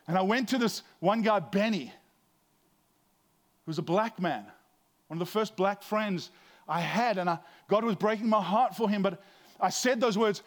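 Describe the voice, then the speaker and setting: A man's voice: sits high, normal speed. A middle-aged man, a pastor, giving a conversational sermon with frequent restarts and a self-deprecating humor.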